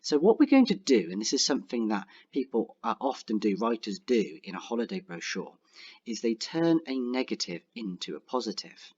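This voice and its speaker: Young male teacher, animated pitch, slows to dictate, slightly muffled audio. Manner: clear, encouraging, slows to dictate sentences. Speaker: primary school teacher. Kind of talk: online writing lesson.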